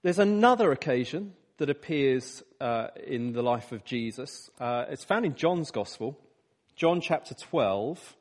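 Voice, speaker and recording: A man preaching a sermon, swinging from emphatic rises to quiet, lower asides. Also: measured pace, in a large hall. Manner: animated, emphatic rises and drops.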